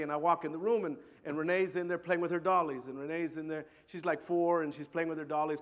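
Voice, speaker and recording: A middle-aged man telling a personal story to an audience in an earnest, halting way, often repeating words. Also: fairly high pitch, steady tone. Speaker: speaker. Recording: long hall reverb.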